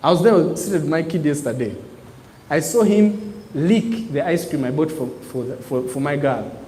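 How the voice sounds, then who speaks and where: A man's voice: fairly high pitch, normal speed, a little hiss or hum. Emphatic man preaching in an echoey hall. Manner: call-and-response preaching, emphatic, animated. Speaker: motivational business speaker. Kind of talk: live talk to an audience. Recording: echoey hall with long reverb.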